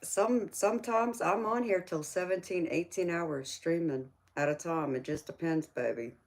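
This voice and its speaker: A woman's voice: lowish voice, normal speed. A woman with a Southern US accent, a tarot reader hosting a casual livestream chat, teasing viewers and calling them baby.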